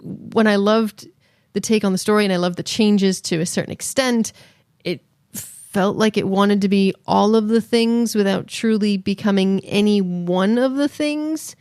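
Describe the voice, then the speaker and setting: A woman co-hosts a casual podcast chat, slipping into quick put-on voices when she quotes people. Her pitch sits in the middle range. The recording is dry and close, with no room echo. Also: a little mellow, clean tone. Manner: chatty, acts out quoted voices. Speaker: podcast co-host.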